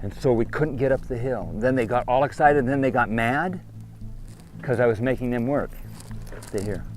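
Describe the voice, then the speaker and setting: A man's voice: medium pitch, normal speed, soft background music. A man leading a group outdoors, lecturing them sternly and firing off repeated questions and commands. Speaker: trip leader addressing a group of kids.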